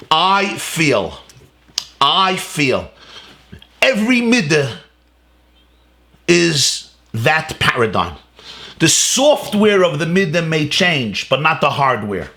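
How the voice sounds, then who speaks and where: A rabbi delivering a Torah lecture in a fairly high, lively voice that swings widely in pitch. He is emphatic, fires off rhetorical questions and repeats key words, weaving Hebrew and Yiddish terms into his English. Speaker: rabbi teaching a class.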